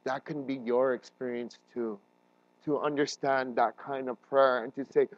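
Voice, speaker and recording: A man preaching a sermon as a pastor, earnest and emotional, his voice building to loud emphatic peaks. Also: medium pitch, fairly even intonation, normal speed, dry recording, highs cut off. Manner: emotional, voice rising and breaking while retelling a crisis.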